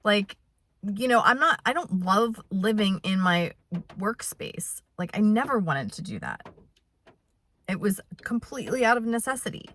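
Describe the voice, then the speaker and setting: A woman's voice: mid-range voice, sing-song, normal speed, fairly bright tone, dry recording. A woman in her fifties talking through an unscripted personal vlog, rambling and heartfelt with many restarts, close to tears. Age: 50s. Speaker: vlogger. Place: in her truck on a rainy day.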